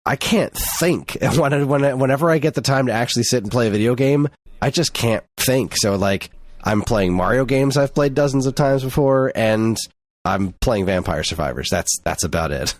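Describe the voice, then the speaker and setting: A man's voice: mid-range voice, lively intonation, moderate pace, no room sound. A man co-hosting a podcast in casual chat, often restarting his sentences. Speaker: podcast co-host.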